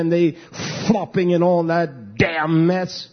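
A man's voice: a little high, a little slow, highs cut off. A man, a pastor preaching a sermon emphatically and calling out to the congregation.

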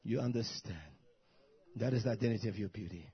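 A man preaching a sermon, who swings from soft, murmured asides to loud, shouted bursts. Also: fairly low pitch, fast talker, slightly rough, highs cut off.

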